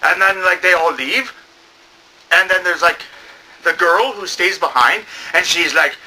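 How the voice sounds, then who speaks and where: A man playing a manic bum movie reviewer who rambles in a comedic review, full of fillers, and sometimes bursts into shouting. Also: sits high, measured pace, exaggerated voice, low-quality recording. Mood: rambling.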